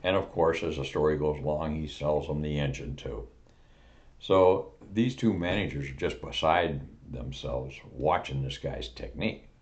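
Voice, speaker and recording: A man in his seventies telling a long joke in a relaxed, folksy, rambling way. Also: very deep voice, moderate pace. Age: 70s. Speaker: storyteller. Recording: dull lo-fi recording.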